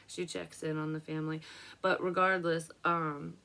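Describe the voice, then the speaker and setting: A woman's voice: low voice, little pitch movement, moderate pace, creaky, bright, forceful tone. A young woman, a psychic medium, chatting casually and emotionally about a card reading in a rambling way.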